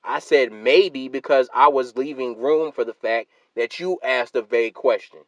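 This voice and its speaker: A man delivers a heated solo rant straight to his viewers. His voice sits at an ordinary middle pitch, and he keeps hammering and repeating his points. The sound is dry and close, with no room echo. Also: moderate pace. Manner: emphatic and argumentative, repeats points, calls listeners fam and sister. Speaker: YouTube channel host.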